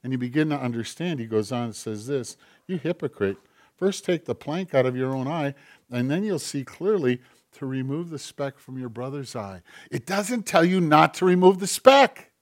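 A man's voice: medium pitch, expressive, normal speed. A man preaching a sermon in a conversational way, acting out quoted voices as he goes. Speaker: pastor.

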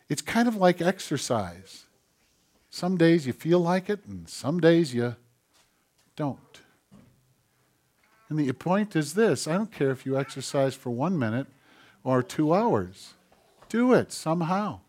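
A man preaching a sermon, telling a story in a relaxed, conversational way with asides to the congregation. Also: medium pitch, moderate pace. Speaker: pastor.

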